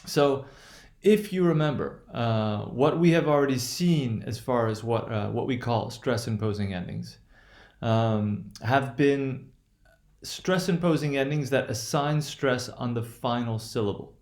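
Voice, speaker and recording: A man's voice: medium pitch, a little mellow. Guy teaching a pronunciation lesson on video, lots of ums and restarts, kinda echoey room. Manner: hesitant, many fillers and restarts; explains slowly and repeats points.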